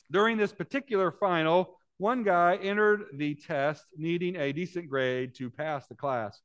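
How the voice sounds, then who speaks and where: A male pastor giving a sermon in a church, mid-pitched voice. He tells a story with animated turns, then slows and grows quiet and earnest as he speaks to the people in front of him. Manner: storytelling, then earnest and drops softly low. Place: church sanctuary with congregation.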